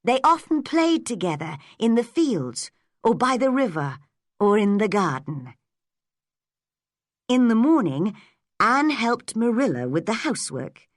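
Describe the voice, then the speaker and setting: A woman narrating an audiobook with gentle, measured storytelling. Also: mid-range voice, dry recording, clean studio sound.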